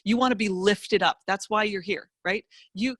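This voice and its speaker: A middle-aged woman, a financial educator appearing as a guest speaker, tells a personal motivational story with emphatic, animated delivery and vivid asides. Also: medium pitch, normal speed, dry recording, studio quality.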